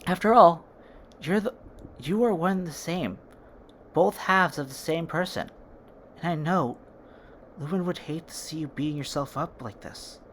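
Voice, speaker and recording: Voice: medium pitch, measured pace, pauses often, a bit bright, slight background noise, natural voice. A fan storyteller voicing an earnest, caring teenage boy who speaks with impassioned reassurance. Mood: gentle.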